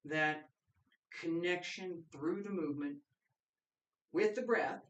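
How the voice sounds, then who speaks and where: A man with a slightly high voice leads a qigong class at an unhurried, deliberate pace. He counts breaths calmly and then explains the practice. His voice sits back from the mic in a roomy, echoing space. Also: distant mic. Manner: slow, calm counting of breaths. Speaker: qigong teacher. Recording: echoey room, voice from off-mic.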